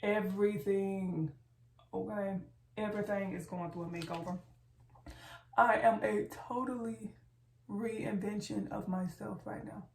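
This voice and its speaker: Woman vlogger with a gravelly edge, gabbing playfully at viewers from far off in an echoey room. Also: medium pitch, fairly even intonation, a little slow, long pauses. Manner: chatty and playful, keeps addressing viewers as y'all. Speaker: beauty vlogger. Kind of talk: casual get-ready-with-me chat. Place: room at home, camera set far back. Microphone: far camera mic. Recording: roomy, distant, faint background noise.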